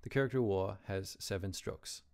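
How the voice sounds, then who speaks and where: A man teaching Chinese characters, explaining strokes and tones slowly and carefully. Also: fairly low pitch, creaky, a little mellow. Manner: slow, careful modeling of pronunciation.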